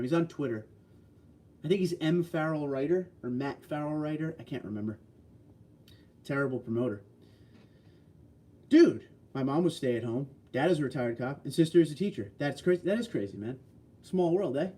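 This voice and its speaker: A man in his sixties chats casually on his livestream, answering viewer comments with blunt, folksy opinions. His voice sits a little high for a man, with a mellow, unhurried warmth. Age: 60s. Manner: blunt, folksy, opinionated, reads out chat messages. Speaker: livestream host.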